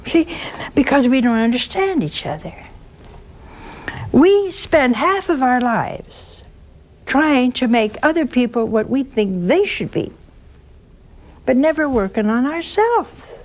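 Woman, nun, storytelling sermon, unhurried, emphatic, rhetorical questions. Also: sits high, very animated, a little mellow. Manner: slow, emphatic, rhetorical questions and folksy asides.

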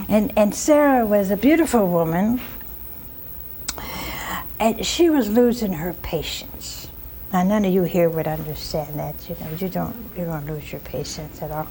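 A woman's voice: fairly low pitch, unhurried, warm tone, slight background noise. A woman preaching a storytelling sermon, retelling scripture with chatty asides and rhetorical questions to the congregation.

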